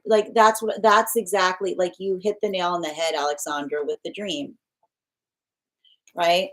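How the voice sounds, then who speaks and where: A woman with a low-ish voice hosts a tarot live stream from home, reading viewer comments while her pet sits nearby. She's casual, chatty, and loose, laughs often and quickly, and restarts her sentences.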